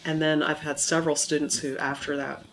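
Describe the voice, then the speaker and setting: An accent modification instructor explains things in an interview with a measured, teacherly delivery. Still recovering from a cold, he sounds somewhat monotone, his voice mid-range against slight background noise.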